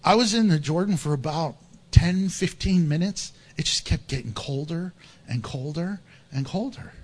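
A man preaching a sermon as pastor in a church, animated and humorous, laughing often and acting out Bible stories. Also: on the high side, moderate pace.

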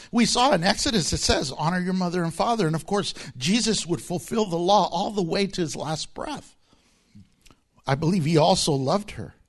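A middle-aged man preaching a sermon, animated and conversational, acting out quotes and laughing along the way. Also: high-pitched. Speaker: pastor.

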